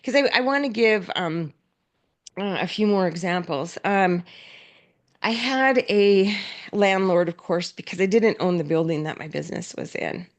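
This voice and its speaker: A woman's voice: mid-range voice, lively intonation, moderate pace. A woman giving a conference talk, telling stories with lots of energy, acting out the people she quotes, with frequent fillers and restarts. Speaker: conference speaker. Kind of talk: storytelling keynote talk.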